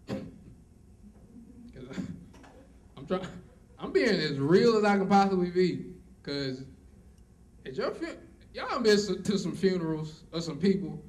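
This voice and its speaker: A man's voice: high-pitched, sing-song, takes it slowly, pauses often. A man giving a motivational speech at a college event, repeating lines like a preacher and cracking jokes along the way. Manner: preacher-like repetition and joking asides. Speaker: motivational speaker. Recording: distant mic with faint noise.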